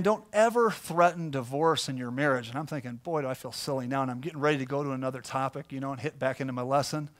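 Folksy conversational male pastor. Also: a little high. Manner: conversational storytelling, folksy with fillers. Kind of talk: sermon.

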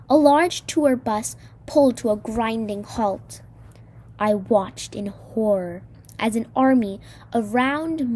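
Casting: expressive woman reader for a novel, slightly high, husky voice. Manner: expressive, voices dialogue with shifts in tone. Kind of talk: dramatic reading of a novel.

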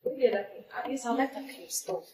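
A woman's voice: fairly high pitch, fairly quick, a little mellow, roomy sound, slight background noise, natural voice, poor audio. An actress with a Nigerian accent playing a proud, money-minded young female student who talks bluntly and defensively. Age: young adult. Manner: blunt, defensive, hesitant restarts. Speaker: university student. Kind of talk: Nollywood film acting.

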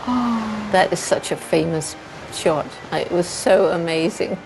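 A woman's voice: on the low side, a little slow, vocal fry, soft background music, low-quality recording. A woman in her seventies, interviewed outdoors in a forest, who laughs often as she tells stories. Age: 70s. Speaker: interviewee, primatologist. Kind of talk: casual interview answers.

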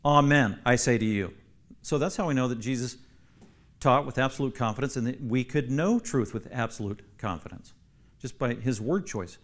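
A man's voice: mid-range voice, lively intonation, normal speed. A man, a pastor, teaching a Bible class, emphatic and repeating key phrases for stress while asking the class questions.

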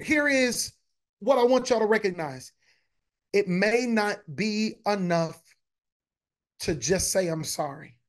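A man's voice: high voice, a bit bright. A man, a pastor preaching a conversational sermon, repeating phrases and talking to his congregation directly.

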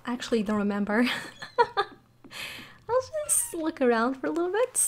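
A woman's voice: high voice, big pitch swings, normal speed. A woman hosting a let's play, chatting and thinking aloud in a giggly, casual way as she plays. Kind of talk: casual gameplay commentary.

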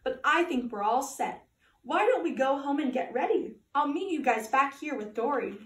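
A woman playing an earnest, eager little boy fish, high and lively in pitch. The storybook reading rings in an echoey room, a little away from the mic. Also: normal speed, recorded from a distance. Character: young boy clownfish, earnest and kind.

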